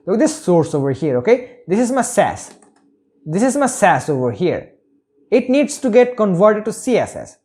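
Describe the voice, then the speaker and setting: A man guides viewers through a screen-recorded coding lesson, narrating each step as he goes. He keeps checking in with a quick "okay?" and points things out "over here". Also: sits high, big pitch swings, darkish tone. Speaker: web development tutor.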